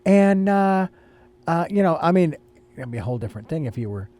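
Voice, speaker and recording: An older man hosting a relaxed spiritual talk, his voice sitting a little high for a man. He speaks slowly and hesitantly, stopping and restarting as he hunts for the right phrase. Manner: hesitant, searching for words with many restarts. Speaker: host.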